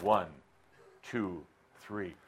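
Through a handheld or clip-on microphone, a man leads a live workshop, playfully teasing and coaching his audience. He speaks very slowly in a low, steady voice, over heavy background noise.

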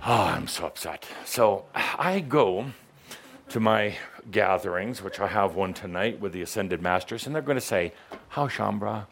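A man's voice: deep voice, expressive, normal speed, a crowd in the background. A man giving a playful spiritual talk to a live audience, teasing the listeners and acting out little voices. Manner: theatrical, teasing, acts out voices. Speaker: spiritual teacher addressing a live group.

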